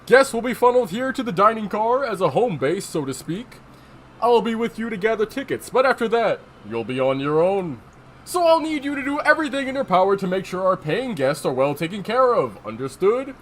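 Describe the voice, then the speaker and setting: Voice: medium pitch, sing-song, fairly quick, slight background noise, voice pushed up, close to an everyday voice. A streamer doing a courteous old train conductor. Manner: polite, formal announcer tone. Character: old male train conductor on his final day, formal and kindly.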